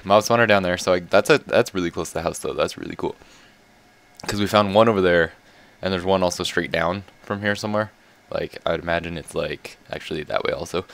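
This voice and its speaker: A man giving casual, rambling commentary while playing a game, excitable and laughing often. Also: low-pitched. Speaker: gaming video creator.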